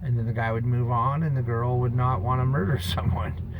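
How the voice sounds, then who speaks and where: A man's voice: mid-range voice, fairly even intonation, fairly quick, narrow, tinny audio, noisy background. A man in a rambling, preachy monologue, emphatic and drifting off-topic, talking outdoors on a beach. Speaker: vlogger.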